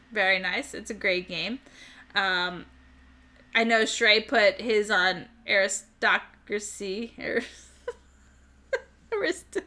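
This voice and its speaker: A woman's voice: on the high side, sharp tone. A woman hosting a live stream, chatting casually with viewers, giggling often and stumbling over words. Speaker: livestream host.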